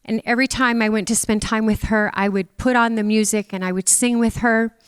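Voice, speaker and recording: In a church, a middle-aged woman from Canada delivers an emotional memorial tribute to her mother, tearful and open about how she feels. Her voice is fairly high, smooth, and steady in tone, moving fairly quickly. The audio has no room sound but carries a big-room quality.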